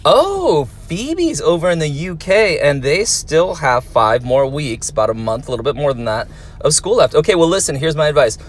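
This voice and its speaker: A man's voice: a little high, sing-song, normal speed. A man who teaches, reading viewer comments aloud and answering them in a friendly, encouraging way for young fans. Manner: friendly, encouraging, talks to kids.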